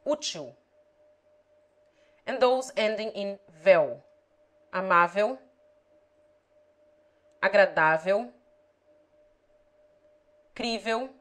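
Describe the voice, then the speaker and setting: A woman reading a grammar lesson aloud, pronouncing example words carefully and deliberately. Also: mid-range voice, sharp tone, low-quality recording. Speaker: language teacher.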